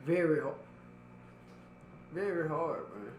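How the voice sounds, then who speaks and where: A man's voice: on the high side, animated, takes it slowly, reverberant, slight background noise. A man co-hosting a casual podcast while he has the hiccups, talking loosely and profanely and repeating himself. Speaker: podcast co-host.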